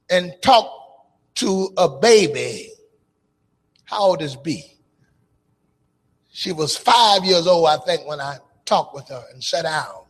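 Fervent male preacher, high gravelly voice, church hall reverb, shouts and half-sings. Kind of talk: call-and-response church sermon. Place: church sanctuary.

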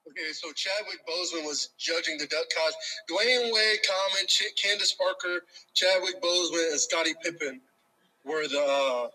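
A man's voice: a little high, moderate pace, bright, forceful tone, slight background noise, low-quality recording. A young man in casual chat about sports, talking with frequent hesitations and restarts over a call. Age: young adult.

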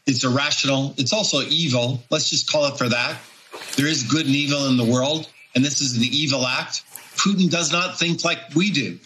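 A man's voice: medium pitch, bright, forceful tone, poor audio. A man, a former diplomat, giving emotional, emphatic commentary on television. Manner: earnest, emphatic, morally charged.

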